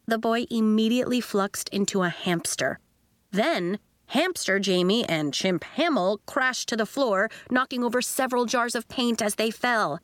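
A woman's voice: a little high, moderate pace, dry recording, clean studio sound. A woman narrating a children's audiobook expressively, giving each character a voice of her own. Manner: expressive storytelling, voicing the characters.

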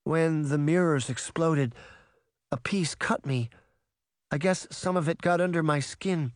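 A man's voice: on the high side, measured pace, no room sound, studio quality, voice pushed up, natural voice. Man doing a stubborn young girl. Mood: insisting. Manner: insisting, brushing off worry.

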